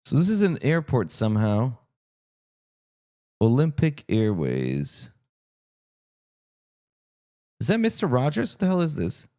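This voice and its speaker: Male streamer, casual live chat, thinks out loud, answers chat, animated and expressive. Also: medium pitch, moderate pace. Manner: chatty, thinks aloud, answers viewer chat. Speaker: streamer and game master.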